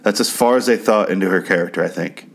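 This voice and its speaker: A man's voice: sits low, fast, vocal fry, slight background noise. A man recapping a TV episode in a crude, sarcastic, rambling way, now and then mimicking characters. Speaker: TV show recapper. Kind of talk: casual spoken TV recap.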